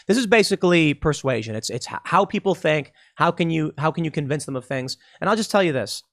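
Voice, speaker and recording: Man, podcast host, emphatic commentary, repeats himself, restarts often, fairly high voice. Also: lively intonation, brisk, gravelly, a bit bright. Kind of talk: political commentary monologue.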